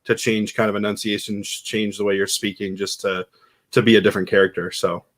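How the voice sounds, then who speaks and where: Co-host guy, kinda low voice, earnest and nice about it. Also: flat delivery, fairly quick, fairly bright tone. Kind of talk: casual chat.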